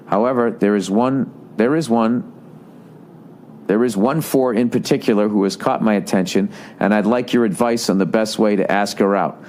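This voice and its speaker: A man's voice: lowish voice, normal speed, a little hiss or hum. A man in his forties with a Boston accent, hosting a podcast in a rambling, profane, sarcastic comedic monologue, reading out listener emails with running commentary. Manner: profane, sarcastic, animated ranting. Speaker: podcast host.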